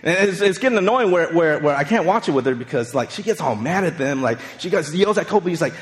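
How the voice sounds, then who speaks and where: A man's voice: on the high side, lively intonation, fast, hardly any pauses, in a large hall. A man in his forties preaching a casual, conversational sermon, telling stories and checking in with frequent asides. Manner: chatty, storytelling, frequent "right?" asides. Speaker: pastor.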